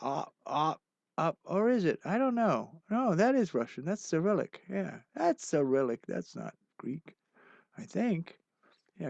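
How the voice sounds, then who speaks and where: An older man hosting a livestream of his songs, chatting casually and rambling with plenty of "uh" fillers, then signing off warmly to his viewers. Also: on the high side, expressive, moderate pace, creaky, dry recording. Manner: warm, encouraging sign-off. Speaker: singer-songwriter hosting a livestream. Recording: dull, muffled lo-fi sound with faint music.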